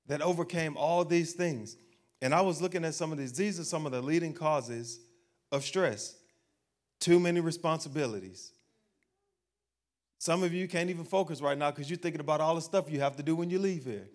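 Conversational preacher with a lively delivery. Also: male voice, fairly high pitch, moderate pace. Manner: conversational preacher, asking the crowd questions and acting out everyday voices. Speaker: pastor. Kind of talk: sermon.

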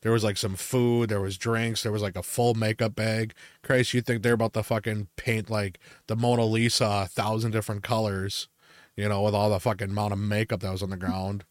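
A man's voice: fairly low pitch, level tone, fairly quick, no room sound, studio quality. A young adult man in casual chat, telling rambling stories full of swearing and filler words. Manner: ranting storyteller, heavy swearing and fillers. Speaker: podcast co-host.

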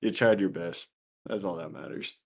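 A man's voice: deep voice, normal speed, vocal fry, a little mellow. A young man co-hosting a podcast, teasing his friend and laughing often in casual chat. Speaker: podcast co-host.

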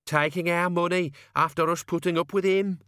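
A man's voice: high-pitched, fairly even intonation, moderate pace, pushed and bright, clear, resonant tone, no echo, studio quality, voice pushed up. A man voicing a nervous, miserable male thug who sounds distant. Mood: uneasy.

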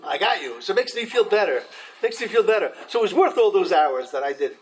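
A man teaching a Torah class in an animated way, restarting often and acting out quotes. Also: high-pitched, fast talker, a little hiss or hum, low-quality recording.

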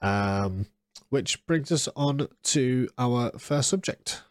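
A man's voice: medium pitch, expressive, slow, no room sound, clean studio sound. A man in his thirties with a congested, nasal voice, chatting casually as a podcast host in a rambling way. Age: 30s. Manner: rambling, with frequent restarts and fillers. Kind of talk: casual solo podcast chat.

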